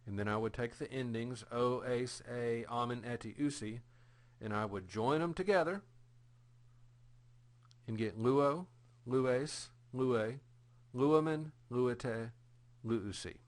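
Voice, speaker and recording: A man teaches a recorded grammar lesson at an unhurried, careful pace. His voice sits at an ordinary middle pitch. He talks patiently and repeats each example phrase so it sinks in. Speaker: Greek teacher.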